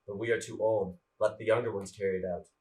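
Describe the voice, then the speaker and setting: A man's voice: fairly low pitch, fairly even intonation, quick pace, darkish tone, lightly acted. An actor playing an old male elder of the chorus, submissive and cautious in front of his king. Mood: deferential. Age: older. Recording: voice from far off the mic.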